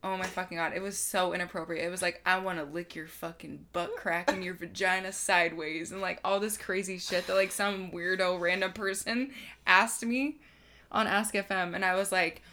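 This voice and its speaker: A woman's voice: on the low side, fairly even intonation, moderate pace, pushed and bright. A woman in her twenties co-hosting a podcast, telling a story in casual chat, rambling with lots of "like" fillers and swearing freely. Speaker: podcast co-host.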